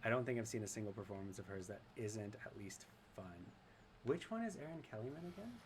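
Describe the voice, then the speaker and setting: A man's voice: fairly low pitch, lively intonation, fast, slight background noise. A man casually commenting on his gameplay and reading chat aloud, chatty and rambling and often laughing. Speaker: streamer.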